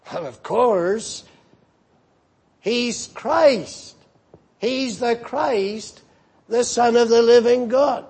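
A man's voice: very high voice, slow, darkish tone, slightly rough. A man preaching a sermon, emphatic and repeating key phrases for weight.

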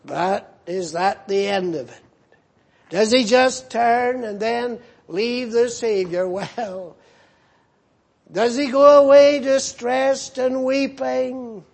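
A man's voice: very high-pitched, takes it slowly, vocal fry. A man preaching a sermon, posing questions and answering them, repeating key words for emphasis.

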